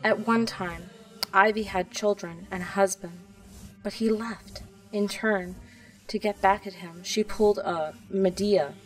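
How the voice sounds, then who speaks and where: A woman's voice: medium pitch, fairly even intonation, a little slow, recorded from a distance, lightly acted, rough recording. A woman reading a proud, guarded elven princess.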